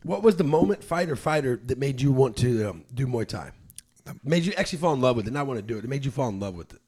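A man hosts a podcast in casual talk, blunt and quick to swear and joke. His voice has a husky edge at a middle pitch. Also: expressive, darkish tone. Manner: blunt, profane, joking. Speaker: podcast host. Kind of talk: casual chat.

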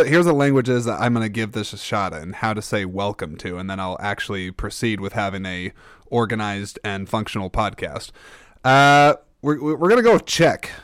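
A man's voice: lowish voice, a bit bright, smooth, no echo, studio quality. A man hosting his own podcast in a casual, rambling, self-deprecating way, often stammering and restarting his sentences. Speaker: podcast host. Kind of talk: casual solo podcast monologue.

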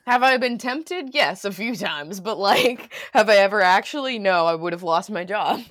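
A woman's voice: mid-range voice, lively intonation, moderate pace, fairly bright tone, dry recording, studio quality. A young woman co-hosting a podcast, talking casually with lots of "like" and frequent laughter. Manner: rambling, lots of "like", laughs often. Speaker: podcast co-host. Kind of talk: casual chat.

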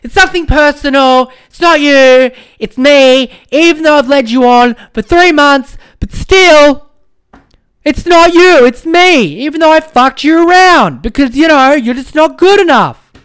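A man putting on a mocking falsetto as a dismissive young woman, sneering his way through her excuses in a podcast bit. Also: measured pace, fairly bright tone. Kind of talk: podcast mockery.

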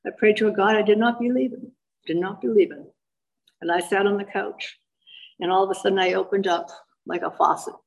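An older woman giving a personal recovery testimony as a meeting speaker, telling her story with animated emphasis and repeated phrases. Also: medium pitch, brisk, gravelly, lo-fi sound.

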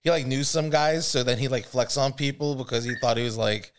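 A man's voice: medium pitch, fairly quick, smooth. A man hosting a podcast, telling a story in a casual, rambling, profane way, full of filler words. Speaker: podcast host.

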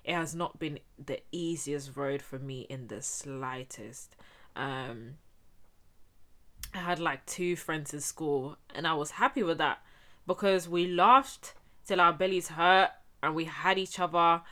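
Low, bright-voiced young woman telling her story. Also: measured pace. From Spain. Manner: chatty, slangy, addresses viewers directly. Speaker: vlogger. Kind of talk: casual personal storytelling.

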